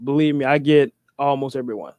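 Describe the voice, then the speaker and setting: A man's voice: medium pitch, a little fast, a little mellow, smooth, dry recording. A man chatting casually as a guest, laid-back and rambling, with plenty of fillers. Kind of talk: casual chat.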